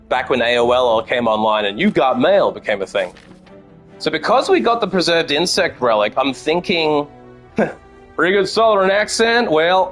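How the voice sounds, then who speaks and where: An Australian man streams a card game, his fairly high voice a bit bright. He chats with viewers as he plays, swearing freely through casual gameplay commentary.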